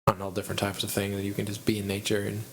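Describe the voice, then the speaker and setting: A man hosting a podcast, chatting casually in a rambling, animated way with frequent restarts. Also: on the low side, racing, creaky, a little hiss or hum, low-quality recording. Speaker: podcast host. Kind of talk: casual conversation.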